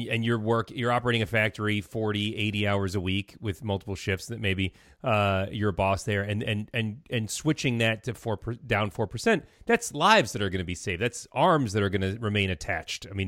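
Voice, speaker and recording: A man hosting a talk show, asking questions in a thoughtful, halting way. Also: on the low side, a bit bright, no room sound, studio quality. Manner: thoughtful, halting, with many restarts. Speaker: radio show host. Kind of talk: conversational interview.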